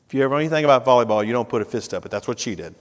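A middle-aged man preaching a sermon, telling a family story with lively acted-out dialogue before turning to earnest exhortation. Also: medium pitch, racing. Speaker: pastor. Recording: long reverb of a large hall.

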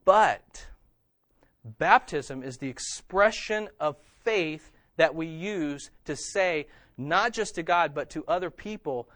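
A man's voice: fairly high pitch, lively intonation, slow, a bit bright, dry recording, studio quality. A man preaching a sermon in a conversational way, often checking in with his listeners. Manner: conversational preaching, frequent "okay?" check-ins. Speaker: pastor.

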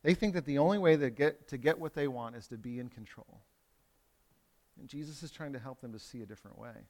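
Slightly high-voiced man preaching a sermon. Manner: conversational preaching with wide swings from loud to hushed; playful asides to the congregation. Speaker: pastor.

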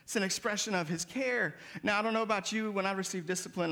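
A man's voice: high voice, fast, vocal fry, hardly any pauses, sharp tone. A male pastor preaching a sermon, calling on the congregation to respond and rising to emphatic peaks.

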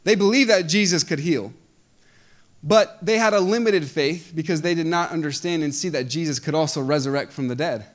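A man preaching a sermon as pastor, impassioned and repeating phrases as he builds to loud emphatic peaks. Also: a little high, a little fast.

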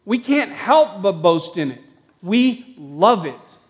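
A man's voice: high voice, big pitch swings, takes it slowly. Fervent preacher man, echoing church hall. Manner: builds from quiet reflection to raised emphatic declarations. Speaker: pastor. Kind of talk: sermon. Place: church sanctuary. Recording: long reverb of a church hall.

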